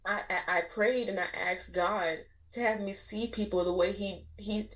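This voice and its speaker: A young woman in a relaxed interview, speaking earnestly about her faith. Her voice sits in a middle pitch and she threads her sentences with casual fillers. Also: moderate pace, poor audio. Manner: earnest, heartfelt, frequent "like" fillers. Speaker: guest. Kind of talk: testimony in a casual podcast conversation.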